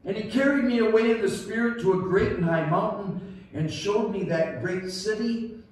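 A man's voice: high-pitched, normal speed. A male pastor preaching a sermon, reading scripture in a folksy way and commenting on it as he goes. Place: church sanctuary. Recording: roomy church hall, mic heard from a distance.

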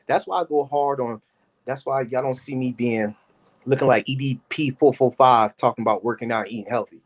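Man in his 30s, reaction-show host, casual rambling delivery, moderate pitch. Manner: animated, rambling, talks to chat by name. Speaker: commentary host.

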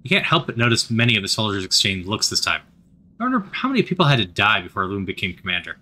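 A man reads a story game aloud in an animated, expressive way. His voice is bright and forward, with lively swings in pitch. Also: fast talker. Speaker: narrator.

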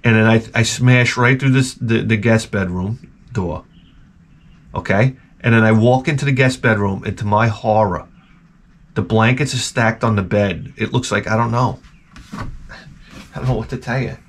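A man hosting a video, telling a rambling, profane story full of restarts and acting out quoted people in a higher voice. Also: normal speed. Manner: jumps up in pitch to act out quoted people. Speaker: video host. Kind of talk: casual rambling anecdote.

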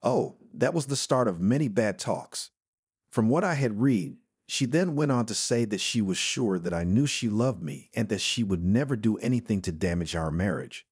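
Man, husky voice, fairly low, first-person story narration, dry close recording. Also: lively intonation, moderate pace, darkish tone, no room sound.

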